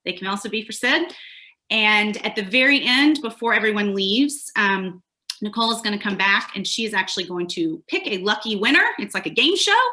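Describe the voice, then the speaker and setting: A woman's voice: mid-range voice, bright, forceful tone. A woman from the American South with a light Southern accent, chatting casually and then reading aloud from her own book at a launch event. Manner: chatty, self-deprecating, with frequent ums and restarts.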